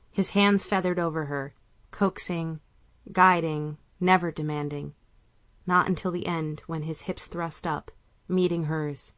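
A woman reading a novel aloud in calm, measured audiobook narration. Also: low-pitched, no room sound.

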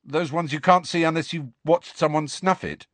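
A man's voice: fairly high pitch, moderate pace, fairly bright tone, dry recording, voice pushed up. A man doing a hot-tempered teenage boy. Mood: uncertain. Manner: exasperated, sarcastic.

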